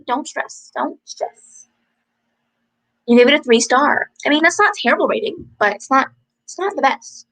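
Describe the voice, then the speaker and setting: A young woman chatting from home, her voice bright and rather high. She talks in a bubbly, easygoing way, full of "likes" and little laughs, as she answers viewer comments. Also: rough recording. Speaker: book vlogger hosting a livestream. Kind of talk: casual chat reading viewer comments.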